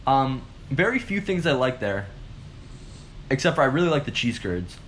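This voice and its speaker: A man's voice: medium pitch, moderate pace, slight background noise. A man co-hosting a casual chat and telling stories animatedly, with lots of "like" as a filler. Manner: animated storytelling, heavy use of "like". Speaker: co-host.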